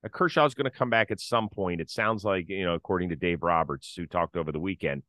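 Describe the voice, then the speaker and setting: A man's voice: low-pitched, fast, fairly bright tone, no echo, clean studio sound. A middle-aged man hosting a casual sports talk show, leading the conversation and setting up topics. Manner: conversational, leads the segments. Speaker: podcast host.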